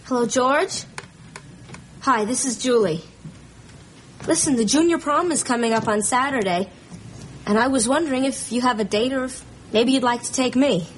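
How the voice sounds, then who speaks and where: A woman's voice: a little high, normal speed, long pauses, lightly acted. An actress playing an awkward teenage girl hunting for a date, with a wry, self-mocking manner. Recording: old sitcom audio with a noisy laugh track.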